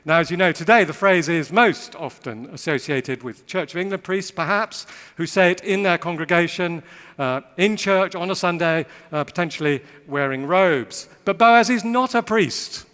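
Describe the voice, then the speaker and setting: Male speaker, slightly high and bright, witty sermon delivery in a large reverberant hall. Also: moderate pace. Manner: witty, varied emphasis, repeats phrases rhythmically. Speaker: speaker giving a Bible talk. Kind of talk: sermon talk to a live audience.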